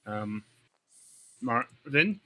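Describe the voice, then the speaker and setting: Bright-voiced male podcast host. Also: medium pitch, very animated, rough recording. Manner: friendly, wraps up the show in a measured way. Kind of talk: interview host.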